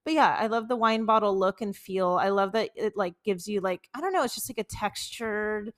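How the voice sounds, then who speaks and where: A woman's voice: medium pitch, normal speed, fairly bright tone. A young woman co-hosting a podcast, chatting casually about her candle business, with lots of filler words and restarts. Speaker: podcast co-host, candle maker. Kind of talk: casual chat.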